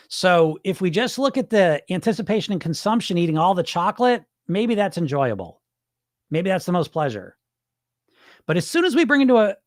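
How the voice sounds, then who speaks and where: A man's voice: sits high, dry recording, clean studio sound. A man coaching on weight loss in a livestream, answering chat in a blunt, profane, fired-up way.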